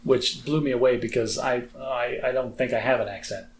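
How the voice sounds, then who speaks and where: A man's voice: mid-range voice, steady tone, fairly quick, slight background noise. An American man co-hosting a podcast, talking in a chatty, self-deprecating way with lots of fillers. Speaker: podcast co-host. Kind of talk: casual chat.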